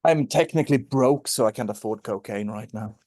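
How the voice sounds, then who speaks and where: A man's voice: mid-range voice, fairly quick, darkish tone. Sweary, giggly man chatting from bed. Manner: loose, sweary, giggly banter. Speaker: podcast co-host. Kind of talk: casual podcast chat. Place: bedroom, sitting on his bed.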